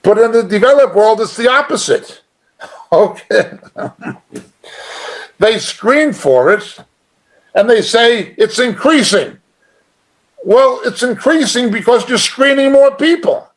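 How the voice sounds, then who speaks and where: High-voiced, unhurried male preacher. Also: animated. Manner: conversational, emphatic, with occasional chuckles. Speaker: Bible teacher. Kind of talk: informal sermon teaching.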